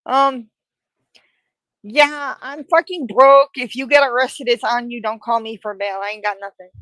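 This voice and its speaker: High-voiced woman, teasing co-host banter. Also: normal speed, a bit bright, no echo, poor audio. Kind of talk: casual chat on a live stream.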